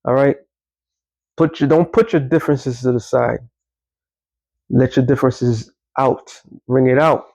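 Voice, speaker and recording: Male commentator, emphatic and rambling, mid-pitch voice, dry close sound. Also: a little slow, vocal fry, a little mellow, no echo, dull audio. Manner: emphatic, rambling, with self-corrections. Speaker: online commentator. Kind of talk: casual religious commentary.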